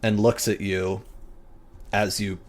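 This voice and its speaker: A man's voice: on the low side, level tone, slow. A man narrating as game master, casual and vivid, with frequent swearing and fillers.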